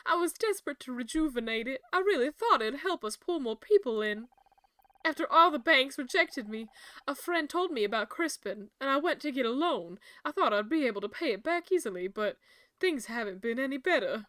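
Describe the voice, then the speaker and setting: A nervous, ashamed young club owner with a British accent pours out her troubles in a high, bright voice, as a woman puts her on while reading a mystery game. The sound is close and dry, with faint music behind. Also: expressive, fairly quick, no room sound. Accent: British (put on).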